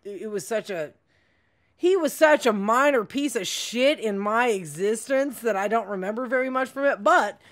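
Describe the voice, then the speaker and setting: A woman's voice: fairly high pitch, expressive, moderate pace, fairly bright tone. A woman stand-up comedian telling a story as a podcast guest, in a blunt, profane way. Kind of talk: casual storytelling.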